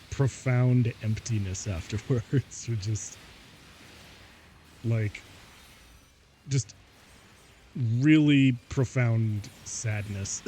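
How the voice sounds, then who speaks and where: A man's voice: mid-range voice, dark tone, slight background noise. A man streaming live, chatting casually and rambling, often laughing between thoughts and saying "like" and "y'all" a lot.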